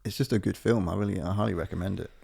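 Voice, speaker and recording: A man's voice: deep voice, fairly even intonation, very fast, gravelly, a little mellow, husky. A man co-hosting a podcast, rambling from tangent to tangent in casual, sweary chat. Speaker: podcast co-host.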